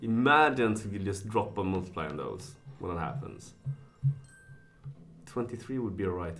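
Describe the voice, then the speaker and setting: A man commentating his own live stream. He thinks out loud, reads chat messages and jumps from mutters to shouts of excitement. His pitch swings widely and lively. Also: normal speed, long pauses, soft background music. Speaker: casino streamer.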